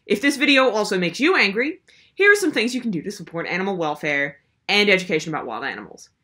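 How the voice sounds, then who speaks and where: Brief: young woman, comedic video host, sarcastic exasperated rant, very animated pitch. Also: fast talker. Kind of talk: comedic commentary.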